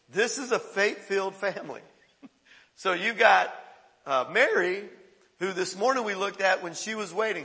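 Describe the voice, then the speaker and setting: A man with a high, bright voice preaches a sermon, talking casually to the congregation and breaking into sudden excited bursts. His voice rings out with a long reverb of a large hall. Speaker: pastor.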